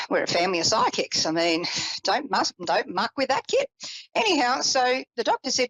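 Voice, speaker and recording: A woman psychic telling a personal story in a chatty, animated way, with self-deprecating asides. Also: a little high, brisk, breathy edge, no echo, poor audio. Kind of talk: personal storytelling on a live call-in show.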